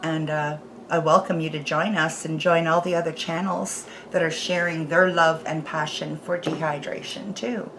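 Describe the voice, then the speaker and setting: A woman's voice: sits low, flat delivery, moderate pace, background noise. A woman hosting a home cooking vlog, chatting casually and laughing as she snacks. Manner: chatty, laughing, chewing while talking. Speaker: homestead channel host. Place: home kitchen. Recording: music playing under the voice. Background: background music.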